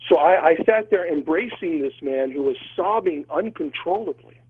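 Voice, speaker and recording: A husky-voiced male priest speaks earnestly and emotionally, restarting his sentences as he goes. His voice sits a little high and comes through a thin, phone-like line. It sounds like a call-in interview. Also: expressive, normal speed. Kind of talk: telling a personal story in an interview.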